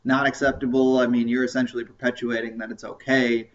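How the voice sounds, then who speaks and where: A man's voice: mid-range voice, level tone, fairly quick, a little hiss or hum. A man co-hosting a casual podcast discussion, talking hesitantly with many restarts and rambling asides. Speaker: podcast co-host. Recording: distant lo-fi home recording.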